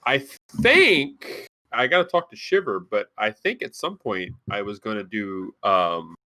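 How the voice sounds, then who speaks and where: A man's voice: on the low side, lively intonation, a little slow, pushed and bright. A man chatting on a casual podcast, rambling and hesitant with many fillers. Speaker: podcast regular and player.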